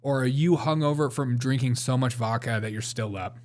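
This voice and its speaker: A man's voice: medium pitch, normal speed, very noisy. A man hosting a live show, chatting casually and rambling through jokes and chat replies, laughing often. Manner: reads chat and answers it.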